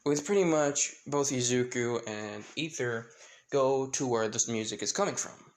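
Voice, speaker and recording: A man's voice: medium pitch, a little slow. A man casually narrating a fan-fiction story, rambling with many fillers and side comments. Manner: rambling, filler-heavy asides.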